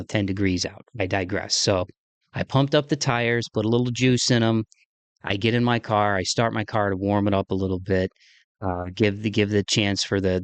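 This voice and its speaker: A man's voice: on the low side, dry recording. A man hosting his podcast from his kitchen, telling a story in a rambling, chatty way full of fillers. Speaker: podcast host. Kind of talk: casual solo monologue. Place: home kitchen.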